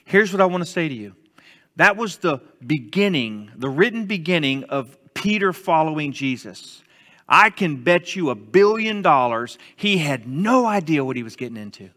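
A man's voice: fairly high pitch, moderate pace, big-room sound. A man preaching a sermon as pastor, telling stories conversationally and acting out the quotes. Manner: conversational, animated storytelling with acted-out quotes.

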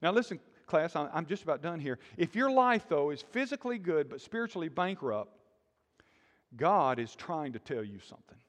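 Man preaching, high voice, animated delivery, sudden loud bursts, long hall reverb. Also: moderate pace. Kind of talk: sermon.

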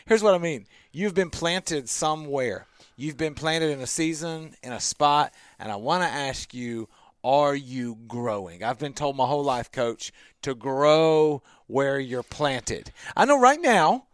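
A man's voice: a little high, animated, a little slow, no echo, faint music behind. A man co-hosting a radio talk show, chatting casually in a small office studio, laughing often and talking like a preacher.

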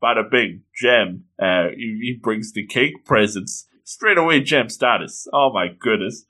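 A man excitedly recapping an anime episode, often breaking into exclamations. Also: fairly low pitch, a little slow.

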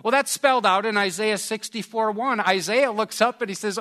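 A man preaching a sermon in an earnest tone, moving from hushed passages to loud, raised ones. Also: high-pitched, normal speed, hardly any pauses. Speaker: pastor.

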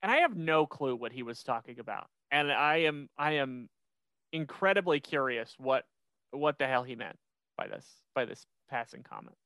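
A young man hosting a podcast, recapping an episode in casual chat with lots of restarts and an animated delivery. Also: medium pitch, moderate pace, clear, resonant tone, no echo. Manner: rambling, many restarts, animated. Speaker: podcast host.

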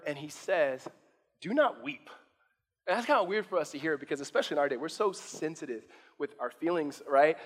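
A man with a high, light voice preaches to his church, casual and animated, doubling back on his words as he talks. His voice carries a long reverb from a large hall. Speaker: pastor. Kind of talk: sermon.

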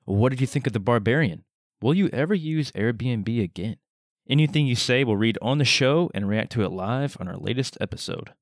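A man co-hosting a podcast, reading out the show's contact details in a relaxed way. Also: medium pitch, moderate pace, no room sound, studio quality. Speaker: podcast co-host. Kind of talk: casual podcast chat.

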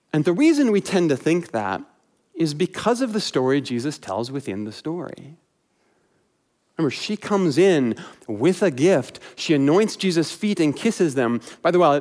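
Brief: male pastor, sermon delivery, relaxed and conversational, tosses in wry asides; voice sits a bit high.

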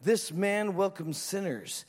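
Pastor, male, high voice, lively storytelling sermon, long hall reverb. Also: slow. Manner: animated storytelling, acts out voices.

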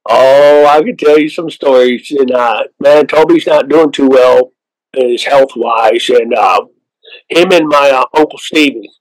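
A man's voice: medium pitch, a little slow, no echo, low-quality recording. A man from Oklahoma, a waterfowl outfitter and guest, telling stories in an easygoing way and laughing often. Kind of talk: casual interview chat.

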